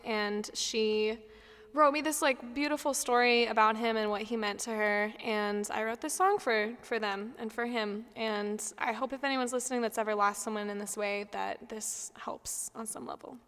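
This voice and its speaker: A woman's voice: fairly high pitch, sharp tone, smooth, in a large hall. A woman musician chatting on a livestream, giggly and self-mocking, laughing often. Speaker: guest musician. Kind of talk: casual chat on a livestream. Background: piano.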